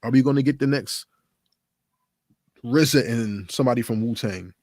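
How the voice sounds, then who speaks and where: A man's voice: medium pitch, normal speed, dry recording. Guy doing hip-hop commentary, fired up, asks lots of questions, dry close sound. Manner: animated, emphatic, rhetorical questions. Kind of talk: casual solo commentary to camera.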